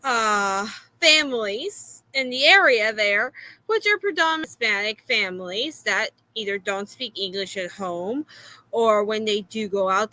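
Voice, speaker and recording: Florida lady ranting thru a story, measured pace, lotta uhs, sounds fed up. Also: fairly high pitch, low-quality recording. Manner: animated, exasperated, many "uh" fillers. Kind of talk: casual storytelling rant.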